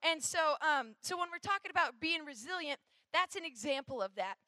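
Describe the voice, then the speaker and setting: Woman youth preacher, very high voice, dry close sound, chatty and rambling. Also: expressive, brisk, bright, forceful tone, no echo. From Minnesota. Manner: chatty, rambling, lots of fillers. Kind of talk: youth sermon.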